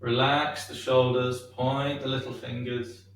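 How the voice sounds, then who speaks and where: Male shiatsu teacher, slow and gentle, echoey room, distant mic. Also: mid-range voice, level tone, slight background noise. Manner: gentle, unhurried guiding with many ums. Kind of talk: guided movement class.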